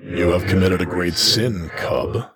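A man's voice: low-pitched, a little slow, a bit bright, slightly rough, soft background music, voice pushed down, full character voice. A man growling as a big stern feral beast. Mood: menacing. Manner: stern, probing interrogator.

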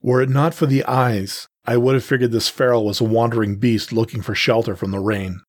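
Husky-voiced male storyteller. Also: mid-range voice, no room sound. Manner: steady, measured storytelling. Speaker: narrator. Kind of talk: first-person audiobook narration.

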